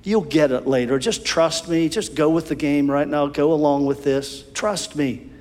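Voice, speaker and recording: A calm, gentle teacher, voiced by a preacher speaks in a plain, soothing tone. He reassures rather than commands. A long reverb hangs behind his voice. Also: fairly high pitch, normal speed, natural voice. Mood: reassuring. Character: patient, gentle teacher Jesus, adult man.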